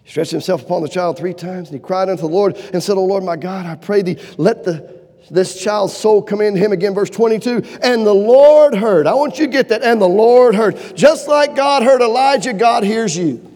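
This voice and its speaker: A man preaching a sermon with fervent delivery, swinging from loud urgent pleading to low hushed lines. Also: brisk. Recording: long hall reverb.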